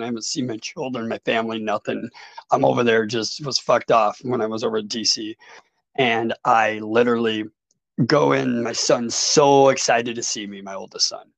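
A man's voice: mid-range voice, creaky, no room sound, poor audio. A man as a podcast guest, candidly telling his addiction and recovery story in a raw, emotional way and swearing freely.

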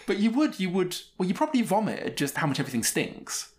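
A man's voice: high voice, big pitch swings, a little fast. A man co-hosting a podcast, giving chatty, opinionated film reviews and laughing often. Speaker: podcast co-host. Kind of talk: casual film review chat.

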